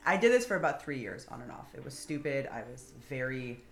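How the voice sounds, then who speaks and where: A woman's voice: rumbling low, big pitch swings, a little fast, fairly bright tone, soft background music. A woman guest on a podcast, telling her own dating story candidly and calling herself stupid, with many fillers. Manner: candid, self-deprecating, lots of fillers. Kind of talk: casual confessional chat. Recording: echoey room, faint background noise.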